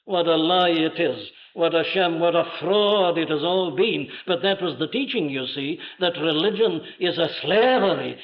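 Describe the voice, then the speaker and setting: A man's voice: fairly high pitch, moderate pace, few pauses. An older man preaching a sermon with emphatic rhetorical questions and dramatic swells of voice. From Wales. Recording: dull lo-fi archive sermon recording.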